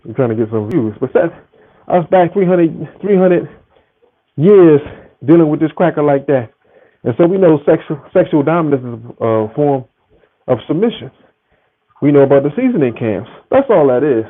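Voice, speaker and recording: A man's voice: fairly high pitch, animated, moderate pace, no room sound. A man ranting on a live stream from home, rambling and profane as he talks straight to his viewers. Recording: tinny phone audio with faint hiss.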